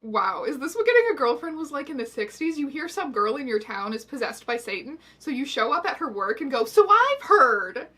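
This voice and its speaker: A woman narrating a comedic video essay with a somewhat high voice. She delivers dry, sarcastic asides with quick, wry timing. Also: lively intonation, fairly bright tone, breathy edge.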